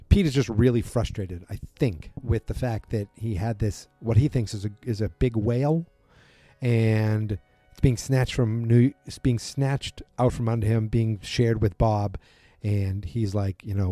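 Man, rambling recap chat, dark mellow voice, low pitch, dry close sound. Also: unhurried, dry recording, soft background music. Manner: rambling, loose, many fillers, acts out quotes. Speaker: podcast host recapping a TV drama.

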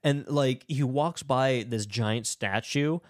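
A man co-hosting a casual podcast recap, animated and sarcastic, swearing and laughing often. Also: mid-range voice, slow, no echo, studio quality. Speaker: podcast co-host recapping a movie. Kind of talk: casual chat.

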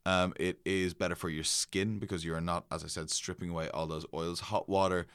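A man's voice: low-pitched, level tone, a little fast, a bit bright, clean tone, no room sound. A man co-hosting a casual podcast, teasing his co-host and confidently explaining things.

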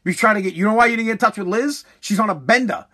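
A middle-aged man doing stand-up comedy with a high-pitched voice. His tone is bright and cutting, and he talks in quick, profane bursts. He keeps breaking off into asides and acted-out quotes. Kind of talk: stand-up storytelling.

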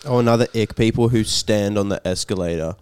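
A man, speaking at a fairly low pitch as he drops offhand remarks in casual chat. His voice is smooth and resonant, and the sound is dry. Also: brisk, a little mellow, no room sound.

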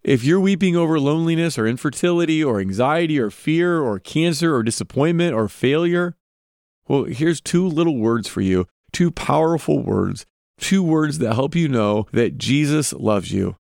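A man's voice: fairly high pitch, lively intonation, moderate pace, gravelly, darkish tone, no room sound, studio quality. Earnest man giving devotional Bible teaching. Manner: earnest, asks listeners direct questions.

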